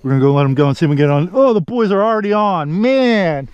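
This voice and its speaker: Excited fishing guy on a boat. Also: high-pitched, fast, clean tone, no room sound, lo-fi sound. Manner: excited, cheers on fish with stock phrases. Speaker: fishing vlogger. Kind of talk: casual on-the-water commentary. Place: outdoors on a boat in the Everglades.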